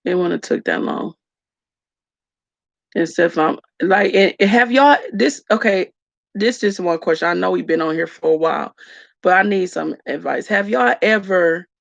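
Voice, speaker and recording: Gravelly-voiced woman venting to viewers. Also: lowish voice, moderate pace, no room sound. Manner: raw, emotional, addresses viewers as y'all. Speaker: vlogger talking to live viewers. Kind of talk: candid story-time livestream chat. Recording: dull lo-fi dry sound.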